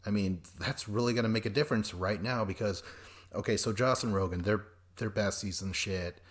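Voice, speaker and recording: A man hosting a podcast, recapping a reality show in a rambling, profane way and acting out quoted people in quick voices. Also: on the low side. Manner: rambling and profane, jumps between notes. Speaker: podcast host.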